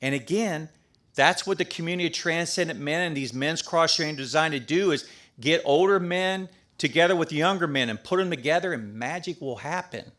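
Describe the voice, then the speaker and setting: A middle-aged priest giving a talk at a men's prayer breakfast, in a folksy, emphatic conversational sermon. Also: male voice, fairly high pitch, a little fast, fairly bright tone. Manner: folksy and emphatic, with restarts and asides.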